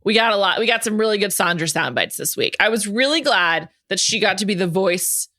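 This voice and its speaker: A woman's voice: mid-range voice, lively intonation, a little fast, sharp tone, no room sound, clean studio sound. A woman hosting a podcast in casual chat, enthusiastic and talkative with lots of fillers. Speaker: podcast host.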